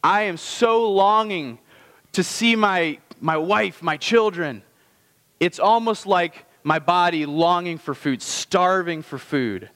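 A man's voice: high voice, a bit bright. Man preaching in a reverberant hall. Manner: conversational preaching with slow emphatic phrases. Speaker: pastor. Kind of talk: sermon.

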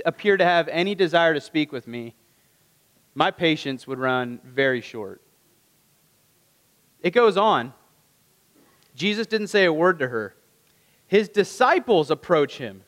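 Pastor guy with a pretty high voice talking through a sermon, asks the crowd questions, acts out the quotes, big echoey hall sound. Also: sing-song, unhurried, pauses often, fairly bright tone.

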